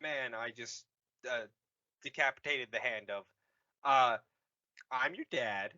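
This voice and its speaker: Bumbling villain father, low and hushed, voiced by a man, on a dull recording. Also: slow pace. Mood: sheepish. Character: [man doing] bumbling villain dad, armored and blunt.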